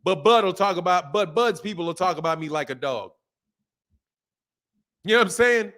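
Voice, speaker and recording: Animated, high-voiced man talking boxing. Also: normal speed. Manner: animated, laughs often, drawls slang, mimics others. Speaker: boxing channel host. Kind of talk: livestream commentary, reading super chats.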